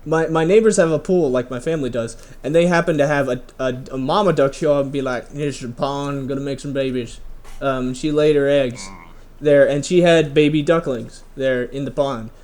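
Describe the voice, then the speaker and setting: Young man, podcast co-host, casual chat, somewhat high voice, eager, lots of "um". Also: moderate pace. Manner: lively storyteller, many "um"s, laughs through stories.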